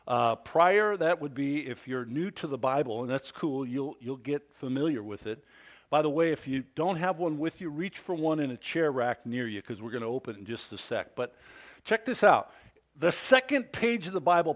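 A male pastor preaching a sermon at a church service, telling a story with animated delivery and frequent questions to the congregation. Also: on the high side.

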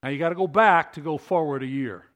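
A man preaching a sermon, conversational and animated, often asking his listeners questions. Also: fairly high pitch, quick pace. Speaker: pastor.

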